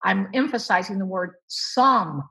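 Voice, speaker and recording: Woman guest expert, mid-pitched, emphatic explainer with lively stresses. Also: unhurried, creaky, husky, rough recording. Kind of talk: explanatory conversation.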